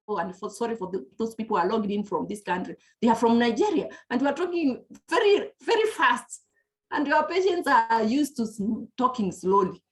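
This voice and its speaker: A woman giving an earnest palliative care lecture over a video call, often restarting her sentences. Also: on the high side. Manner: earnest, explanatory, frequent restarts. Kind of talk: presentation lecture.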